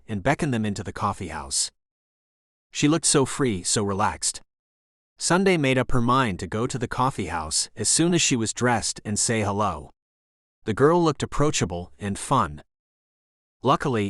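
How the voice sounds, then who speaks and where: A man narrating a romance audiobook in an expressive, animated reading voice, close to a studio mic. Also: on the low side, no echo. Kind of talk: scripted narration.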